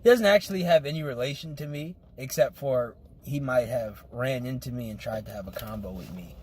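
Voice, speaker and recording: A man's voice: mid-range voice, fairly quick, slightly rough. A young man telling a story in loose street slang as a podcast co-host. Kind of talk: casual chat.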